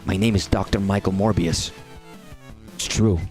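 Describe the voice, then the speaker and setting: A man putting on a slow, self-important doctor who keeps repeating his own name. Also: low voice, fairly even intonation, darkish tone, faint music behind, lightly acted. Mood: droning. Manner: slow, droning, repetitive.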